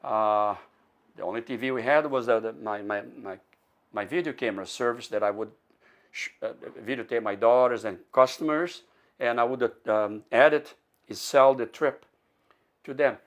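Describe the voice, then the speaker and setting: Older Brazilian-born man telling a lively story. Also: medium pitch. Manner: animated, acts out quoted voices, laughs often; rambling, halting with many restarts. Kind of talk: spoken personal storytelling.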